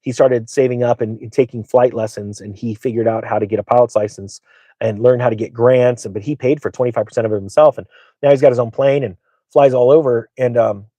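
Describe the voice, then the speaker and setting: A middle-aged man who hosts a finance channel, talking in a mid-range voice with a dry, close sound. He tells casual, rambling stories in an excitable, boastful way and uses lots of fillers. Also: medium pitch, fairly quick, dry recording. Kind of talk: casual storytelling monologue.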